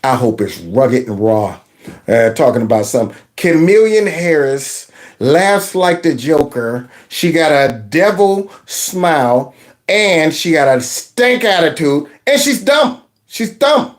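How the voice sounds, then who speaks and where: A man's voice: on the high side, sing-song, takes it slowly. A man hosting a reaction commentary channel, mocking and sarcastic with laughing asides.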